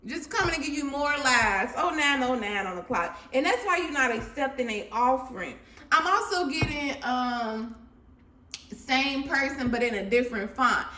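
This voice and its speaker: An animated woman talks viewers through a tarot reading in a fairly high, bright voice. She laughs easily and swings between loud bursts and low asides. The sound carries a noticeable room echo. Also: moderate pace, a little hiss or hum. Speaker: tarot reader. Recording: echoey room.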